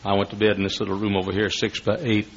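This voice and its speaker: A man's voice: lowish voice, flat delivery, quick pace, slight background noise. An older man, preaching a sermon through folksy, dramatic storytelling. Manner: folksy, dramatic, building to shouts. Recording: muffled lo-fi recording.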